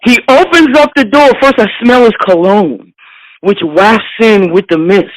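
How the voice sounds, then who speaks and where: A woman from Philadelphia, a bass player and interview guest, telling a lively anecdote. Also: unhurried, dry recording, low-quality recording. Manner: lively anecdote with voiced quotes. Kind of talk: animated storytelling.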